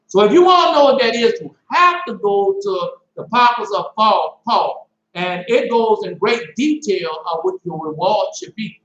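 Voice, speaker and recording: Excitable high-voiced preacher, echoey room. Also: male voice, normal speed. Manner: excitable, preachy, slangy, keeps saying "man" and "boy". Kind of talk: informal sermon and Bible teaching. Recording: echoey room, dull lo-fi sound.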